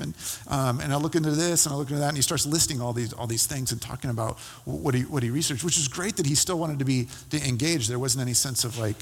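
A man preaching as a pastor, telling a personal story in a conversational, halting way with many fillers and restarts. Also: mid-range voice, breathy edge, big-room sound. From California.

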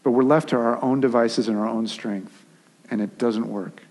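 A man preaching a sermon in a lively, conversational way, often acting out short asides. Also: mid-range voice, normal speed, big-room sound. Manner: animated, conversational preaching with restarts and acted asides. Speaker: pastor.

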